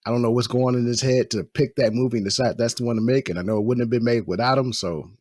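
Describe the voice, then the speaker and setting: A man's voice: medium pitch, steady tone, fast talker, a little mellow, dry recording, clean studio sound. A man hosting a movie podcast, talking casually in rambling, exasperated rants with many restarts. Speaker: podcast host. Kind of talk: casual chat.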